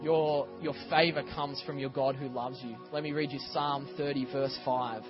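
Man, pastor, sermon, animated storytelling, dull lo-fi recording, faint music behind. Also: mid-range voice, normal speed. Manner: animated storytelling, acts out scenes. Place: church.

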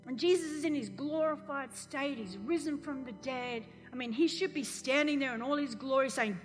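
A woman pastor preaching a sermon, telling a story with animated acted-out quotes. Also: high voice, normal speed, few pauses, big-room sound, faint music behind.

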